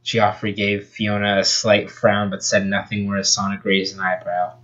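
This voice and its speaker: On dull-sounding audio, a young man with a lowish, monotone, slightly bright voice reads a fan story at normal speed. He's an amateur reader who chats, jokes, and laughs at the text with off-script asides.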